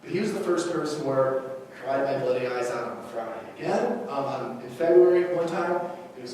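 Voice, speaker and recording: A young adult male teacher giving a personal talk to colleagues, telling stories with lively acted-out dialogue and frequent "okay?" check-ins. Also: medium pitch, normal speed. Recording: echoey hall from far off, faint noise.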